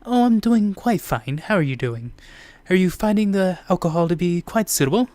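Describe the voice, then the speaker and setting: A man voicing a hard-drinking male dwarf in a tabletop game, gruff and calling people lad. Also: high voice, lively intonation, normal speed, a little mellow, no room sound, pitched above the performer's own voice. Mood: jovial. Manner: gruff, calls others lad.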